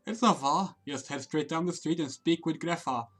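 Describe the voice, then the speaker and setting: A woman playing a friendly harbor guide from a fantasy game, pointing newcomers on their way. He speaks briskly and cheerfully, upbeat and welcoming. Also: low voice, voice pushed up. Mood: cheery. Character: friendly male harbor guide giving directions.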